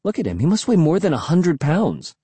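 A man voicing an excitable young boy who talks in an eager, pleading way. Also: on the high side, a little fast, slightly rough, dry recording, pitched above the performer's own voice, heavily acted.

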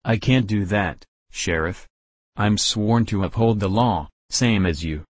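A man voicing a plainspoken, dutiful deputy who talks in a calm, matter-of-fact drawl. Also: fairly low pitch, unhurried, dry recording.

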